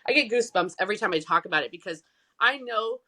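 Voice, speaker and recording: Bright-voiced woman telling a story. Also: medium pitch, fast. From United States. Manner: animated, acts out quoted voices. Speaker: nonprofit founder, guest. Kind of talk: casual storytelling interview.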